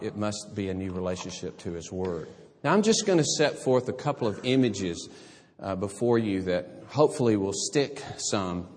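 A man preaching a sermon as pastor, animated and conversational, with humorous asides. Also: lowish voice, big-room sound.

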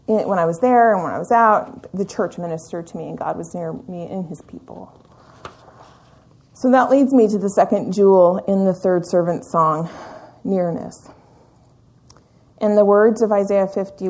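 A woman teaching a Bible study in a church meeting room, speaking in an earnest, reflective and measured way with the occasional "um". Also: fairly low pitch, darkish tone.

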